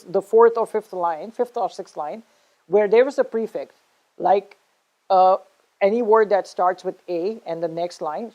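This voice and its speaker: A woman's voice: medium pitch, mellow, rough recording. Woman teaching English pronunciation. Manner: explains slowly, checks in with "okay?". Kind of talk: online English lesson.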